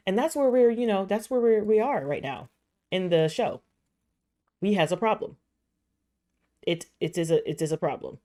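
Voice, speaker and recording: A woman hosting a reaction video, casually recapping a show with slang, swearing and pauses to search for words. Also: mid-range voice, animated, warm tone.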